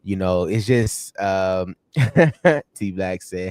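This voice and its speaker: A man co-hosting a sports livestream, telling stories in an animated, slangy way with lots of laughs. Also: low-pitched, very slow, no room sound, studio quality. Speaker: sports show co-host. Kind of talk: casual livestream chat.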